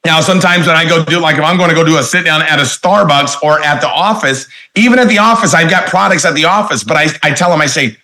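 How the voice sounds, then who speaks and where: A middle-aged man giving a motivational sales training talk, energetic and punchy, repeating his key phrases. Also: fairly high pitch, fast, hardly any pauses.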